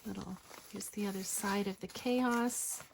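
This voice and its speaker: Slow, soft-spoken woman half-whispering. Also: mid-range voice, steady tone. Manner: gentle, slips into a breathy whisper often. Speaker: craft designer showing a journal. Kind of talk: soft-spoken craft flip-through narration. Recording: faint background noise.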